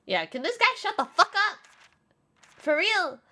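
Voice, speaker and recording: A woman's voice: very high voice, big pitch swings, unhurried, bright, forceful tone. A woman streaming a game, reacting with blunt, sarcastic commentary and frequent laughter. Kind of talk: casual gameplay commentary. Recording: game music behind.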